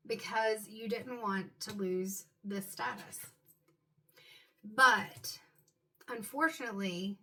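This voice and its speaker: A woman reads tarot cards for her viewers in an unhurried, musing way, stopping often on "um" and "like" while she thinks. Her voice sits a little high and rings bright and forward. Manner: musing, loose, with frequent "um" and "like". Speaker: tarot card reader. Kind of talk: intuitive tarot reading addressed to viewers.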